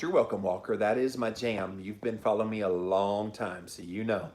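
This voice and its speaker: A man with a lowish voice hosts a casual livestream, reading viewer comments aloud and answering them. He talks in an upbeat, chatty way, dotted with ums. The room echoes around him with a faint hiss. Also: steady tone, moderate pace, few pauses, a little mellow. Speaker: host of a diet livestream. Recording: roomy echo.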